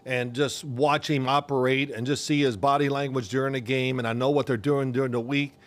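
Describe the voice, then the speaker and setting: An older man co-hosting a casual sports podcast, an animated storyteller who acts out the voices of people he quotes. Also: mid-range voice, fairly quick. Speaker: podcast co-host, former quarterback.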